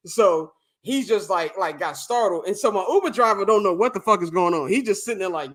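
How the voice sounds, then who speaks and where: A young man with a high, bright and forceful voice spins a rowdy, profane story on a casual podcast. He talks in an animated way and keeps laughing between the lines. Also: brisk. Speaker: podcast co-host.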